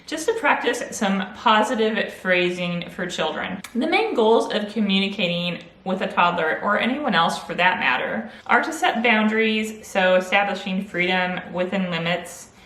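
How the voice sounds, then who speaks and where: A woman speaking as a Montessori teacher, explaining to parents in a gentle, clear and patient way. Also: medium pitch, animated, moderate pace, few pauses, echoey room, low-quality recording. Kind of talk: friendly instructional talk to parents.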